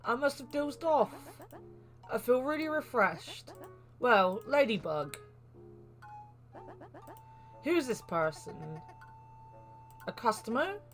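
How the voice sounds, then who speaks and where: A woman reading the lines of a drowsy female fortune-teller shopkeeper in a flat, even voice, over faint game music. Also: a little high, slow pace, pauses often.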